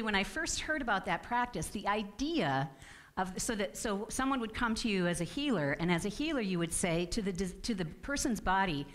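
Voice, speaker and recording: Middle-aged woman, lowish voice, earnest spiritual talk, self-correcting. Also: fairly bright tone. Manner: earnest, personal, with restarts. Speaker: guest speaker.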